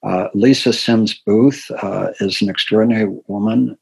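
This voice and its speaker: An older man hosting a community talk series, giving soft-spoken announcements with many fillers. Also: fairly low pitch, fairly even intonation, moderate pace, creaky, husky, poor audio. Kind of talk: gentle announcements.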